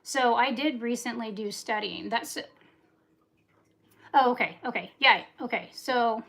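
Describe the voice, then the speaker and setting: Forties woman rambling away on a livestream while doing dishes, talks fast, very chatty. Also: fairly high pitch, creaky, fairly bright tone. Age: 40s. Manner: talkative, rambling, fast-talking. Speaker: livestream host. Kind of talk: casual livestream chat.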